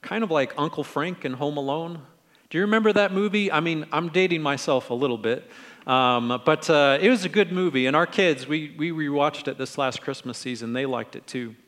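A middle-aged man preaching a conversational sermon in a relaxed, friendly way, acting out quoted lines in different tones. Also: on the high side, moderate pace, big-room sound. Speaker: pastor.

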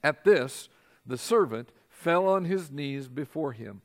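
Animated male pastor preaching. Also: slow. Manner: animated, acts out quoted voices with big jumps in pitch and volume. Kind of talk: sermon.

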